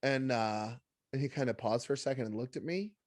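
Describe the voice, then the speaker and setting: A man in his thirties tells stories on a podcast with lively energy, slipping into the voices of the people he quotes. His voice sits at a middle pitch and sounds close and dry, with no room around it. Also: brisk, dry recording. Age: 30s. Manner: animated storyteller, jumps into quoted voices. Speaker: podcast co-host. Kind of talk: casual storytelling chat.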